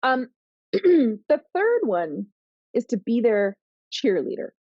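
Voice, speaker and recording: A woman's voice: fairly high pitch, slow pace, dry recording, highs cut off. Earnest woman coaching parents, dry sound. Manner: earnest, animated, acts out teen and parent voices. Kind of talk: podcast conversation, advice.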